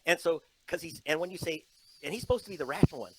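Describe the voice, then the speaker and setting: A man's voice: on the high side, expressive, very fast, background noise. Emphatic man telling stories in an interview. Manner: emphatic, storytelling, mocking put-on quotes. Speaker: interview guest, investigative journalist. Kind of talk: animated interview talk. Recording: played from an online interview.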